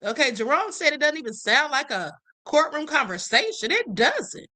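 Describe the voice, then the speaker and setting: A woman's voice: high voice, sing-song, moderate pace, sharp tone. A woman hosting a livestream, giving outspoken casual commentary on clips and reading viewer comments aloud. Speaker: livestream host.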